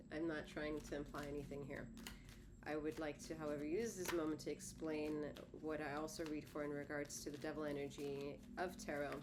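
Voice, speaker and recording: A woman's voice: low voice, very noisy. A woman tarot reader talking casually to her viewers, rambling and correcting herself, her words a little lisped and slurred. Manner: rambling, self-correcting, conversational; slightly lisping, slurred words. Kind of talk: solo tarot reading to camera.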